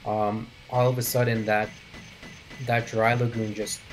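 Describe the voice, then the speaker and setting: A man's voice: lowish voice, flat delivery, a little slow, faint music behind. A man giving live commentary on a speedrun match, thinking aloud and often checking with his co-host for agreement.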